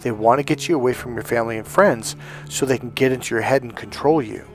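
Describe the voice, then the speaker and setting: Talking fast at a medium pitch, a middle-aged relationship coach shares a personal story over soft background music. It's a casual, animated monologue packed with fillers, and he acts out each quoted person's voice.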